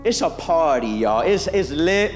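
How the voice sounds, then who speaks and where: A man preaching a sermon, animated and playful, acting out biblical voices for the congregation. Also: a little high, measured pace, big-room sound, faint music behind.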